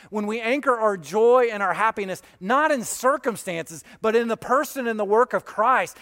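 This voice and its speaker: A man's voice: high-pitched, fairly bright tone, in a large hall. A male pastor preaching a sermon in a conversational way, talking directly to the congregation.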